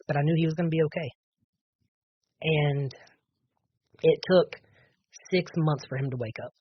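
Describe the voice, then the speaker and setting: A man with a somewhat high, husky voice tells a personal testimony in an earnest, halting way, circling back with fillers and restarts. The audio is dull and lo-fi, like a modest podcast setup. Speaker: podcast guest.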